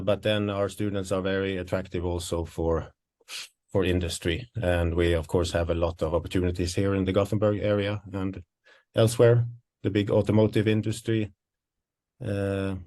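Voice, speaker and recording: A man's voice: low voice, flat delivery, moderate pace, dark tone. Breathless man presenting. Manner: explanatory, hesitant. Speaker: associate professor presenting programmes. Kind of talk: webinar presentation.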